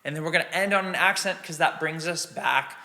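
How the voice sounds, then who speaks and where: A man's voice: fairly high pitch, brisk, heavy background noise. A man explaining drum exercises patiently and counting beats aloud as a teacher. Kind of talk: instructional drum lesson.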